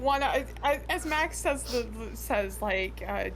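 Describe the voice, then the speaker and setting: A woman's voice: on the high side, lively intonation, a little slow, a little hiss or hum. A woman narrating the game hesitantly, heard from a distance off the mic. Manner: hesitant, many fillers.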